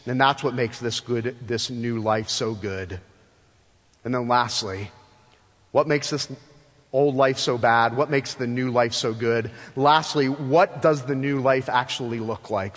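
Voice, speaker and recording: A male pastor preaching a sermon in an animated way, asking his congregation rhetorical questions and acting out the voices he quotes. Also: mid-range voice. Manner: tells stories, acts out quoted voices. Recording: long reverb of a large church hall.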